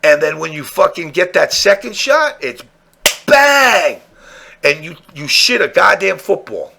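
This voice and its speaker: Man, podcast host, crude comic storytelling, slightly high voice, very lively pitch. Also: measured pace, gravelly, a little hiss or hum. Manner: crude, animated, acts out dialogue. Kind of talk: comedic storytelling.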